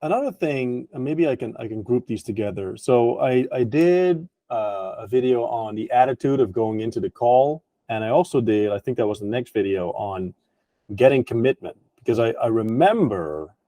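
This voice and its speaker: A man hosting a business interview who agrees readily and thinks out loud, using fillers as he works out his questions. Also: medium pitch, animated, moderate pace, no room sound. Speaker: interview host, sales trainer. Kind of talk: conversational interview.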